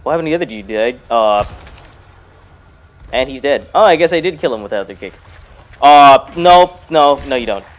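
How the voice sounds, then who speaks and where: A man in his own voice talks through a horror game, half under his breath, swearing and joking at the screen. His pitch sits at an ordinary middle, and it jumps sharply when something startles him. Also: expressive, moderate pace, pauses often. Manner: mutters quietly, bursts into loud startled shouts; profane, jokey self-talk to the game. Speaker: gaming YouTuber. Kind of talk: casual let's-play commentary.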